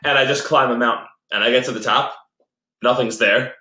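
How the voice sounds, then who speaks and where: A man's voice: medium pitch, fairly even intonation, fairly quick, bright, forceful tone. Podcast guy rambling thru a game story, lots of ums and restarts, roomy echo. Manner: rambling storyteller, many fillers and restarts, laughs often. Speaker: podcast co-host. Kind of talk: casual chat about games and movies. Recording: roomy echoey home recording.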